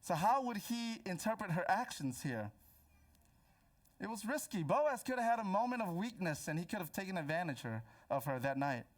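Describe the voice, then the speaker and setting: Man preaching, slightly high voice. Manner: storytelling, drops to a hushed tone for suspense; many restarts and repeated words. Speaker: pastor. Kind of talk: sermon with personal story. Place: church auditorium.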